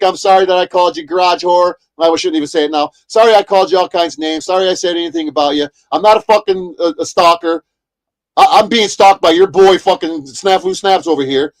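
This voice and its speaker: A man ranting heatedly on a livestream, profane and repetitive. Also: high voice. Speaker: streamer. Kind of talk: angry livestream rant.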